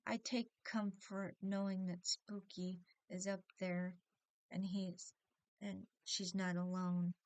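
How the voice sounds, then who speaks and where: A woman vlogger talking haltingly about missing her late cat and friend, often restarting her sentences and close to tears. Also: mid-range voice, little pitch movement, darkish tone, clear, resonant tone, no echo. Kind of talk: emotional personal vlog.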